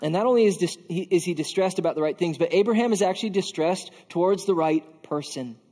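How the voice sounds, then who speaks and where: A man's voice: high-pitched, fast, dark tone, big-room sound. A man preaching a conversational sermon, casual and earnest, often filling with "like". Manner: casual and earnest, with frequent filler "like". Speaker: pastor.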